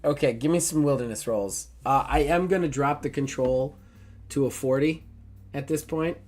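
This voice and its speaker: A man's voice: mid-range voice, normal speed, a little mellow. Male GM, narrates the scene with jokes and animation. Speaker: game master. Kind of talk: narrating a tabletop game.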